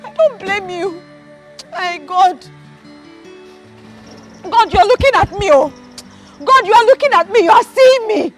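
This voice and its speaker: An actress playing a fierce, loyal young wife with a Nigerian accent, shouting and accusing in a film drama. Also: female voice, extremely high pitch, lively intonation, measured pace, pauses often, soft background music, exaggerated voice. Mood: lamenting. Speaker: wife defending her husband.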